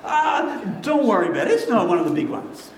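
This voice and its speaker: A man's voice: high voice, big pitch swings, brisk, reverberant, slight background noise. A preacher putting on a breezy Brooklyn-accented man. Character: breezy easygoing male God with a Brooklyn twang.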